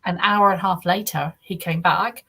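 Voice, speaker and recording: A woman's voice: on the low side, steady tone, normal speed, a bit bright, husky, poor audio. A middle-aged woman from southern England with an English accent, telling a personal story in an interview, rambling and acting out the quoted speech. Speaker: interview guest.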